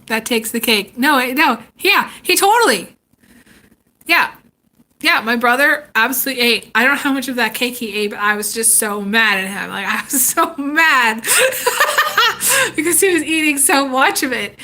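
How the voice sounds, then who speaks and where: High, bright-voiced chatty woman. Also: moderate pace. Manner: animated, laughs often, acts out quoted voices. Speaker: tarot reader chatting on a live stream. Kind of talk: casual storytelling chat.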